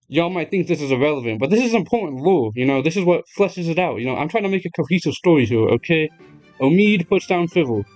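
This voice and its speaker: A young man casually retelling a game's story to his viewers, excitable and chatty, laughing often and swearing freely. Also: medium pitch. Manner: chatty, addresses viewers directly. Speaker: gaming video creator.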